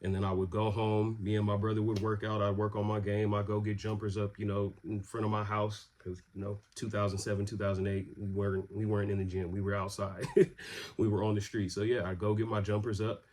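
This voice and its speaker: A man in his twenties from Southern California, telling a personal story in a relaxed, rambling way with many fillers. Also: on the low side, brisk, slight background noise. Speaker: vlogger. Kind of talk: casual storytelling.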